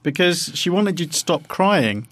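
A man's voice: on the high side, lively intonation, unhurried, fairly bright tone, dry recording. A man, co-hosting a casual podcast and chatting in a rambling, self-interrupting way. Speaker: podcast co-host. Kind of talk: casual chat.

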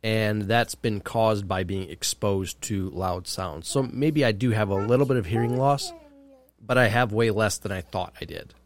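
A man's voice: lowish voice, moderate pace. A man co-hosting a podcast in casual chat, teasing and wry. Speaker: podcast co-host.

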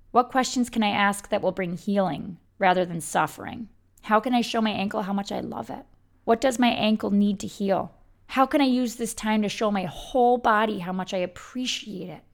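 A woman who belly dances gives a reflective self-help talk, speaking candidly and gently with the odd casual swear word. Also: mid-range voice, creaky. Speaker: belly dancer sharing self-healing practice.

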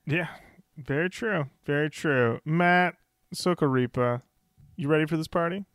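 A man's voice: a little high, measured pace, a bit bright, clear, resonant tone, no room sound, studio quality. Chatty man hosting a music podcast. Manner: chatty, steers the discussion and hands off to co-hosts. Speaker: podcast host. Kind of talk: casual chat.

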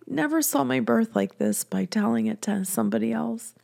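Woman, storytelling host, soft near-whisper delivery, laughs often, gravelly fry. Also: on the high side, normal speed. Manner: chatty, laughs often between sentences. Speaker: business coach and podcast host. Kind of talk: personal storytelling.

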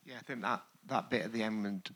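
An earnest man in a church congregation adds his thoughts to a discussion. His voice is low but sharp and bright in tone. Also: brisk. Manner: earnest, affirming. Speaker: congregation member. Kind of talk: group discussion.

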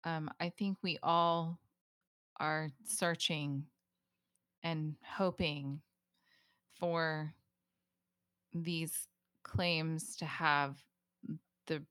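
A woman with a low voice talks slowly and thoughtfully in relaxed podcast chat. She listens closely and adds a steady stream of short replies. The recording is close and dry. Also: no echo. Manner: attentive listener, frequent backchannel. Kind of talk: casual chat.

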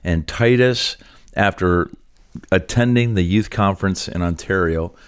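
A man's voice: deep voice, a little slow, clean tone, no echo, studio quality. A Canadian man co-hosting a podcast, chatting casually and laughing often. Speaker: podcast co-host, pastor. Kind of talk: casual chat.

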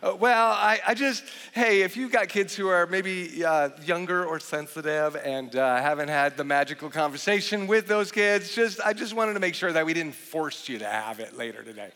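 A man in his forties preaching a sermon as a pastor, animated and joking, with frequent restarts. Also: a little high, normal speed, few pauses. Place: large church hall. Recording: long hall reverb.

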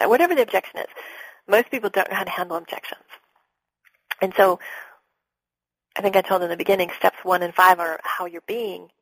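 A middle-aged woman, a business coach being interviewed, talking in an animated way and acting out her sales calls. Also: on the low side, brisk, pauses often, slightly rough, no room sound, rough recording. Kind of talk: podcast interview talk.

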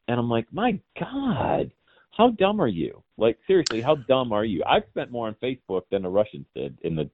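A man in his forties, a podcast guest, ranting in an animated, scornful way in casual chat. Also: deep voice, dry recording. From Cincinnati area, Ohio. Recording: tinny phone-like line.

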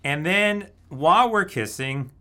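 A man with a bright voice tells a casual story, his pitch rising and falling with lively swings. He laughs often along the way. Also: a little slow. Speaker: guest telling a dating story. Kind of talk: casual anecdote.

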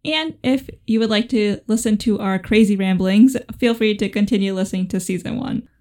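A woman's voice: medium pitch, moderate pace, mellow, no room sound. A woman co-hosting a podcast, chatting casually with laid-back, playful banter. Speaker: podcast co-host.

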